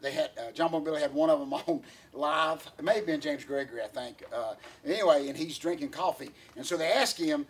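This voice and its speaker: In a casual podcast chat, this co-host talks a little fast in a fairly high voice, with slight background noise. He wanders through his points, stumbling over fillers and restarts and laughing frequently.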